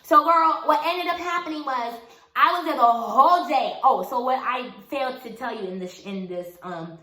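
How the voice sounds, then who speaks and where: Brief: woman in her twenties, bright higher voice, chatty storytime vlogger, echoey room. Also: normal speed. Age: 20s. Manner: chatty, animated, calls the listener girl and honey. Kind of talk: casual storytime chat. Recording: roomy echo.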